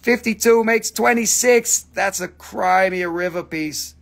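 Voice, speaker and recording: High-voiced and animated, this man speaks slowly with vocal fry and hardly pauses. Running a live online sale of rocks and minerals, he jokes, curses and breaks into song snippets while casually presenting pieces and prices.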